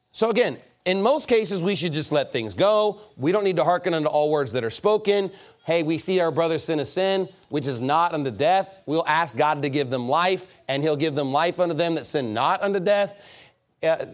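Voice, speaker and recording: Male pastor, sermon, chatty delivery, somewhat higher voice, acts out quotes. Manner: conversational preaching with acted-out dialogue. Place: church sanctuary.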